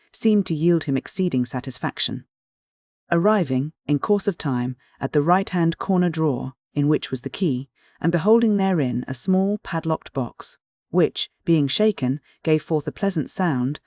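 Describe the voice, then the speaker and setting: A man narrating a classic novel in a formal, measured reading style, close to the microphone. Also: on the high side, a little mellow, no echo. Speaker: audiobook narrator. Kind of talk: scripted narration.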